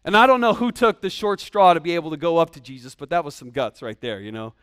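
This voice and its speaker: A man's voice: on the high side, fast, fairly bright tone, smooth, no room sound. A man preaching a sermon in a casual, humorous way, with slang asides to his congregation. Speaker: pastor.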